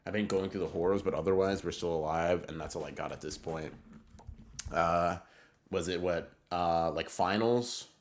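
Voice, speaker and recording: Low-voiced man chatting on a livestream. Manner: excitable, rambling, swears often, quick bursts. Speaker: streamer. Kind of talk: casual livestream chat reading viewer messages.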